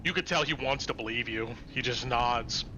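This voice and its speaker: A man's voice: medium pitch, moderate pace, highs cut off, noisy background. A man narrating a tabletop game as game master in an easygoing, descriptive way.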